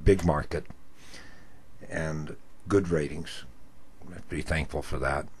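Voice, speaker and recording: An older man, a former radio talk host, telling a story in an animated, self-mocking way. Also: a bass voice, measured pace, a little hiss or hum. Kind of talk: storytelling monologue.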